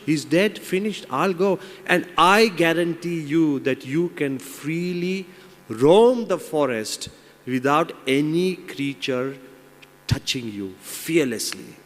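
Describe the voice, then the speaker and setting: A man voicing a cunning male lion in a fable, coaxing and persuasive. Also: a little high. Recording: long reverb in large hall.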